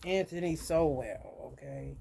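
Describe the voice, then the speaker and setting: A woman hosting an unscripted live stream as a tarot reader. She talks bluntly and with a lot of swearing, calls listeners honey, and swings between loud outbursts and low muttering. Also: very animated, measured pace, vocal fry, a little hiss or hum.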